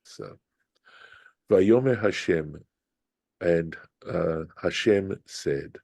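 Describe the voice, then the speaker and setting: An older man, a rabbi, giving a reflective scripture lesson with frequent pauses and restarts. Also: low-pitched, gravelly, mellow, no room sound. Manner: thoughtful, unhurried, reflective with many restarts. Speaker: rabbi teaching Torah study.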